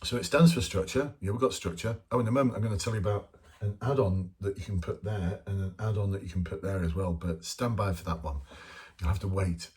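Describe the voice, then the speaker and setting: A man's voice: low-pitched, a little fast, darkish tone. A man talking casually and bluntly as a police interview coach, informal and chatty, with mild swearing. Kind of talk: casual spoken lesson to camera.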